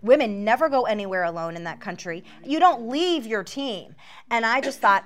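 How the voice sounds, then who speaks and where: A woman telling her missionary testimony as a dramatic personal story, earnest and often dropping to a hushed voice. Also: fairly high pitch, animated, normal speed. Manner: earnest, drops to a hushed voice at tense moments.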